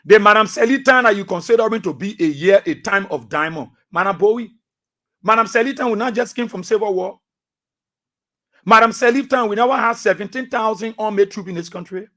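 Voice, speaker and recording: A man's voice: high-pitched, fairly quick. A middle-aged man with a Liberian English accent, hosting a radio talk show with emphatic, repetitive commentary. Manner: emphatic, repetitive, swings between soft asides and loud outbursts.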